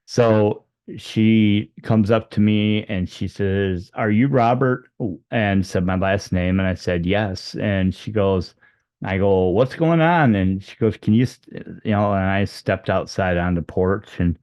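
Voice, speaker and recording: A man's voice: little pitch movement, slow, a little mellow, clean tone, no room sound. A man telling a personal story off the cuff, rambling with many fillers and restarts and acting out the quoted dialogue. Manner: acts out the dialogue with raised pitch for quoted lines. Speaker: storyteller recounting a near-death experience.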